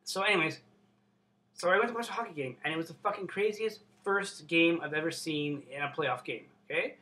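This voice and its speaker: Young canadian guy unboxing stuff, super bright edgy voice, swears nonstop, gets all excited. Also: a little high, a little fast, a little hiss or hum. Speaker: vlogger. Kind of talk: casual unboxing vlog.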